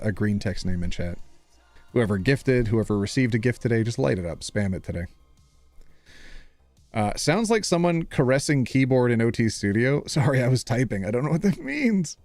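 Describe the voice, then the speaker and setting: Playful, chatty male streamer with an animated voice. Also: mid-range voice, dry recording. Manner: playful and chatty, talking to viewers and laughing a lot. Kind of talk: casual live-stream chat reading posts aloud.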